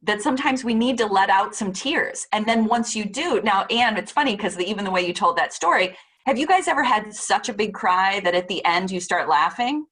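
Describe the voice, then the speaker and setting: A woman's voice: mid-range voice, lively intonation, brisk. A middle-aged woman giving a casual talk on parenting. She chats freely, uses lots of fillers and acts out little quoted lines. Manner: chatty, warm-hearted, lots of fillers and voiced quotes. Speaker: parenting speaker presenting a talk. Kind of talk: casual presentation.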